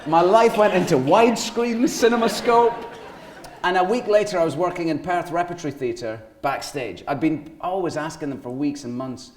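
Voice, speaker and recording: A man's voice: on the high side, moderate pace, reverberant, a little hiss or hum. A Scottish man in his forties, a guest actor telling rambling anecdotes on stage in an interview before a live audience. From Scotland. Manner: animated rambling anecdotes with laughter.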